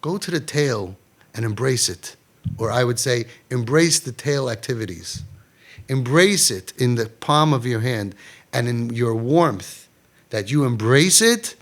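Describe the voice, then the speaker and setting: A man giving an emphatic Torah talk, swinging between loud, dramatic lines and hushed ones. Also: mid-range voice. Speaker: Jewish inspirational speaker.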